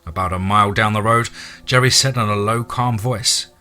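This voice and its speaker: A man narrating a horror story in a dramatic, steady audiobook reading. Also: fairly low pitch, normal speed.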